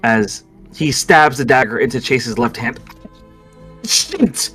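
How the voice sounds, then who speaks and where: A man's voice: medium pitch, moderate pace, a bit bright, breathy edge, faint music behind. A man narrating a tabletop role-playing game as game master, describing the action steadily.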